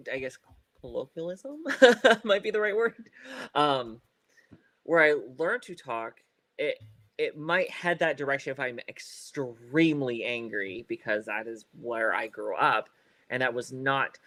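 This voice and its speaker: A man co-hosting a podcast in loose, casual chat, his mid-pitched voice caught close on a dry mic with no room sound. He wanders through his thoughts, fills pauses with "um" and "like," laughs easily, and trips into a stutter from time to time. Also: a bit bright, no room sound. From Ohio. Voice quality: occasional stutter. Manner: rambling, many fillers and restarts, laughs often. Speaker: podcast co-host.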